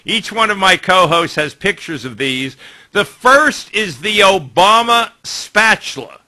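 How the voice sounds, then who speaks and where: A male talk show host with a high, very bright and cutting tone. He steers the banter briskly and adds wry asides as he moves through each segment. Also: animated. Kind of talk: casual talk radio banter.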